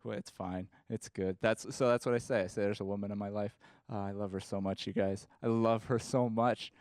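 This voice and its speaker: A man's voice: on the low side, fairly even intonation, brisk, darkish tone, dry recording. A man performing a rambling, self-deprecating stand-up comedy set on a club stage.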